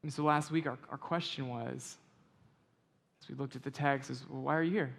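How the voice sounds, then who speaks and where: A man preaching a sermon as pastor, moving from slow, quiet scripture reading to conversational explanation and loud, emphatic stretches. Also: mid-range voice, steady tone, gravelly. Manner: reads scripture slowly and quietly.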